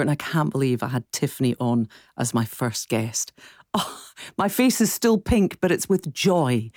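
Female presenter, effusive, low and animated voice, dry close mic. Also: no room sound. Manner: bubbly and effusive. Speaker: radio presenter. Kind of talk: casual radio chat. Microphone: studio microphone.

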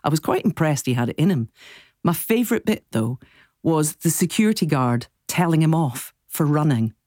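A woman's voice: low-pitched, lively intonation, normal speed, mellow, no room sound. A woman presenting a live radio show, bubbly and chatty, laughing often as she reads out listener messages in the studio. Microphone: studio microphone.

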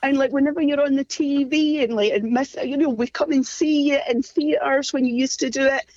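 Woman, Scottish accent, 40s, high pitched, chatty, excitable. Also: a little fast, dry recording, lo-fi sound. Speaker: caller, dog-field owner. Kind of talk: phone conversation.

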